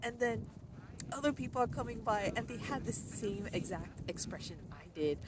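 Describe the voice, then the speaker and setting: A woman's voice: a little high, animated, normal speed. A woman telling a story in a casual outdoor vlog, chatty, with lots of fillers and restarts. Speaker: vlogger. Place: outdoors in cold, windy weather. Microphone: phone held by hand. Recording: loud wind and traffic noise outdoors.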